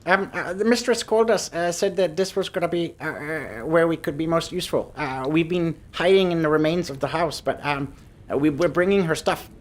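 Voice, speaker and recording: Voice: mid-range voice, fairly quick, voice pushed up, natural voice. A man voicing a timid little kobold servant who stammers nervously.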